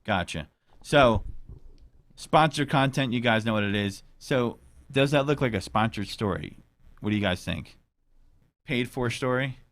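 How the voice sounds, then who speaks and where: A man's voice: mid-range voice, measured pace, long pauses, fairly bright tone, no room sound. A man hosting a casual podcast chat, rambling and joking with crude language. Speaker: podcast host.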